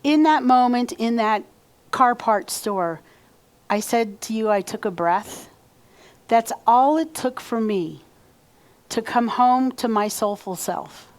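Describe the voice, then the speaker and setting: A woman minister delivers a sermon in a relaxed, conversational way, stopping to lead her congregation through repeated affirmations. Her voice sits a little high for a woman. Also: takes it slowly. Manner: conversational, leads call-and-response affirmations. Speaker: reverend. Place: church sanctuary.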